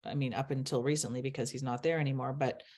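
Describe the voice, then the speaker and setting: Woman, low voice, middle-aged, earnest interview guest, laughs through stories. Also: fairly even intonation, fast, a little mellow. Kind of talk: candid interview conversation.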